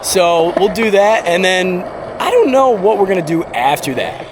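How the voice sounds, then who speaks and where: Young man, late twenties, casual rambling vlog talk, jokey and offhand, clear wind and traffic noise behind. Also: sits high, lively intonation, moderate pace. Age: late 20s. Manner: rambling, joking and offhand, with swearing. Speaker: vlogger. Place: in a car, then at an outdoor skate park.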